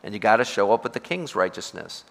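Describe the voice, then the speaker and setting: A man's voice: fairly low pitch, animated, fast, gravelly, long reverb tail. A man teaching a Bible study as a pastor, emphatic and repetitive, often asking his listeners questions.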